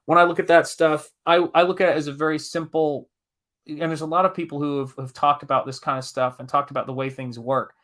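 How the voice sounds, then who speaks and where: A man from the American South hosts a live stream, reading chat comments and launching into an animated personal story. His voice sits a touch higher than most men's, and he talks in an emphatic, restless way, swearing when a point gets to him. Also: brisk. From Southern United States, Tennessee. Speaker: live-stream host and comic artist.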